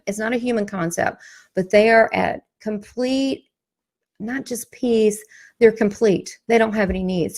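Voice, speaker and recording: A woman with a Southern US accent, a psychic medium promoting her class, talking in an emphatic, folksy way. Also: on the high side. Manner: emphatic, folksy, animated storytelling. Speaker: psychic medium, workshop host. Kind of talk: motivational promo talk.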